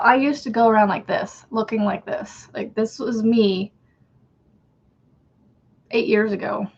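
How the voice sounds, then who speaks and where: A chatty woman hosts a crochet livestream, greeting viewers by name and counting under her breath. Her voice sits a little high, with a gravelly, husky edge. The stream audio is dull and lo-fi. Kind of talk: casual livestream chat while crocheting.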